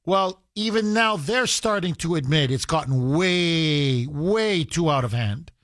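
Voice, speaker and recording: Male radio host with a high-set voice; combative, emphatic monologue with lots of restarts, taken dry off a studio mic. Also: expressive, unhurried, fairly bright tone, no room sound. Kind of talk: opinionated talk radio monologue. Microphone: studio microphone.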